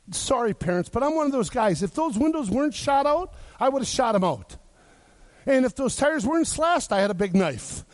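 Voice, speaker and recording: A man's voice: high-pitched, a little mellow. A man from Wisconsin preaching a sermon with punchy rhetorical questions and joking asides.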